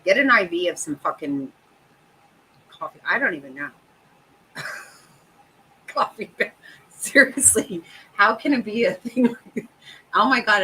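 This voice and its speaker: A woman's voice: medium pitch, sharp tone, a little hiss or hum, rough recording. A middle-aged woman hosting a casual chat, profane and exasperated, laughing often. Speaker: host.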